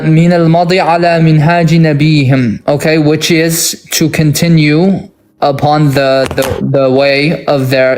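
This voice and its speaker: A man's voice: a little high, a little mellow. A man in an online debate, reading classical Arabic passages aloud and translating them into English line by line, with many restarts.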